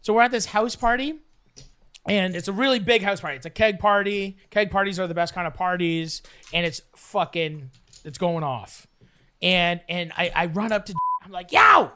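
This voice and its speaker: A man's voice: sits high, normal speed, clear, resonant tone. A man from Canada telling a rambling, profane story in a casual podcast chat, acting out other people's voices. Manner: rambling, profane, acts out voices with loud yelps.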